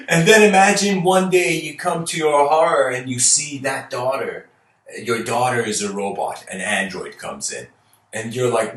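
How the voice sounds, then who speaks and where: A man's voice: medium pitch, expressive, measured pace, fairly bright tone. A man giving a casual, rambling lecture, playfully acting out little scenes and laughing often. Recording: roomy echo, mic at a distance.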